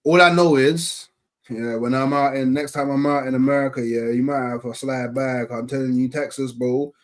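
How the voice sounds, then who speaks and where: A man's voice: mid-range voice, steady tone, normal speed. A man in casual chat, rambling and full of fillers and slang.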